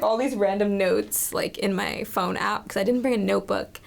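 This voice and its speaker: Interviewed casually as a guest, this young makeup artist sounds bubbly and emotional, peppering her stories with "like" and quoted asides. She speaks at a moderate pace in a gravelly, medium-pitched voice with a steady tone.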